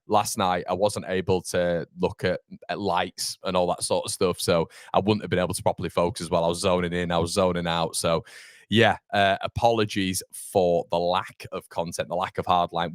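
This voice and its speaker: Feeling somewhat foggy after a mild concussion, a young fan channel host runs a live football stream, rambling chattily and reading out comments from viewers. His voice is low, and the recording is dry and studio quality.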